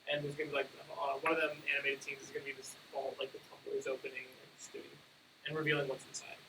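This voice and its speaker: A fast-talking man student chiming in on his team's project with a flat, level delivery. He sounds far from the mic, with a clear hiss in the background. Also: medium pitch. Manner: quick, interjecting. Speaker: student presenter. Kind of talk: class project pitch.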